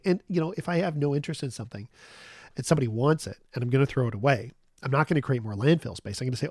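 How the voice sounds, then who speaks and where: A man's voice: mid-range voice, fast talker, vocal fry, no echo, clean studio sound. A man in his forties hosting a casual chat show, rambling through a personal story with lots of fillers and restarts. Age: 40s. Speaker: host.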